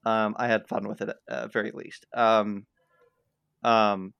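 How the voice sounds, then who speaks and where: Wry, animated man on a dry mic. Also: lowish voice, a little slow, vocal fry, smooth, no room sound, dull audio. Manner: wry, animated, piles up asides. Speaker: podcast co-host. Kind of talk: casual book discussion.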